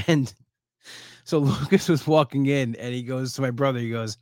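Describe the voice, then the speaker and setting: A man's voice: medium pitch, normal speed, darkish tone, no room sound, studio quality. A worn-out man hosting a casual solo podcast, telling a rambling story with restarts and perking up when he quotes people. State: exhausted, low on energy. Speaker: podcast host.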